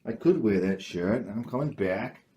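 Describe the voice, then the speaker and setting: A man hosting a homemade comedy talk show, rambling and deadpan, constantly hesitating with uh and um. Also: lowish voice, normal speed, dull audio, a little hiss or hum. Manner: hesitant, full of uh and um, restarts. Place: small home studio with green screen.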